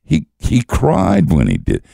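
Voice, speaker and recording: A man's voice: medium pitch, huge pitch swings, slow, gravelly, warm tone, slightly rough, no echo, clean studio sound. An older man, a guest teacher, telling stories in conversation with wry, self-mocking humor and frequent chuckles. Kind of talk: storytelling conversation.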